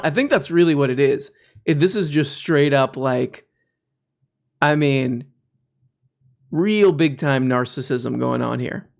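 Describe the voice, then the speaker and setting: A man's voice: on the high side, animated, unhurried. A man hosting a reaction commentary, mocking the clips he plays with sarcasm and frequent laughter. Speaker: commentary host.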